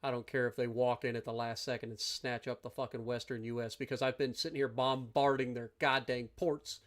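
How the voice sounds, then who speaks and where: A man's voice: mid-range voice, level tone, fairly quick, a bit bright. A man streaming a strategy game live, ranting and swearing at his opponents as he plays. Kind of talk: live gameplay commentary.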